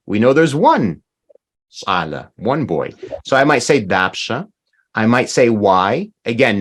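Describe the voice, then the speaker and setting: A man's voice: mid-range voice, fairly bright tone. A man teaching a language class over a video call, explaining patiently and checking in with "right?".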